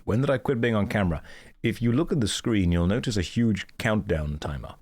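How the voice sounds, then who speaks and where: A man's voice: on the low side, lively intonation, a little fast, darkish tone, breathy edge. A man streaming a game, chatting casually in a groggy morning voice, with dry, self-mocking jokes. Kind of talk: casual live-stream chat.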